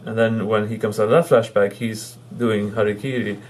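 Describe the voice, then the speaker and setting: A man with a lowish voice chatting through a casual movie review. He talks in halting bursts, full of ums and restarts, and chuckles as he recounts the jokes he loves. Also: flat delivery.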